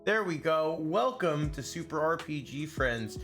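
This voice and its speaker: A man hosting a game stream in casual chat. He is excitable, swears freely and laughs often. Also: a little high, unhurried, soft background music. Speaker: stream host.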